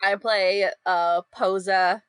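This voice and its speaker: A woman playing in a tabletop podcast, expressive and laughing often in casual banter. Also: mid-range voice, slow, clear, resonant tone, no echo. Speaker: podcast player.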